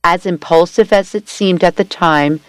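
Smooth-voiced woman reading a story. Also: fairly low pitch, normal speed, dry recording. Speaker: story reader.

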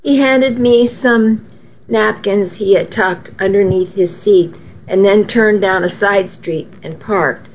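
A woman narrating a first-person story as an audiobook reading, slow and measured. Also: medium pitch. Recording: dull, faintly noisy recording.

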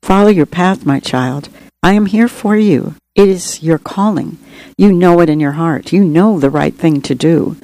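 A woman reading aloud, voicing a wise little white dove who speaks calmly and matter-of-factly. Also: on the low side, unhurried, rough recording. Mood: solemn. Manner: calm, matter-of-fact.

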